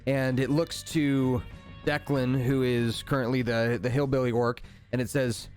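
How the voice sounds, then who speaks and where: Male game master, mid pitch, relaxed narration and rules calls, faint music bed. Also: unhurried.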